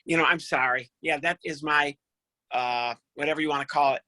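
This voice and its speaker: Friendly ventriloquist guy joking around, bright voice. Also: a little high, steady tone, brisk, no room sound, rough recording. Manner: affable, joking. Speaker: ventriloquist guest. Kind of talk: casual chat.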